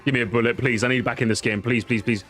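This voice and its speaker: A man's voice: medium pitch, fairly even intonation, quick pace, a bit bright, faint music behind. A man giving casual, jokey gameplay commentary, swearing and pleading with the game as he races. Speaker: gaming YouTuber.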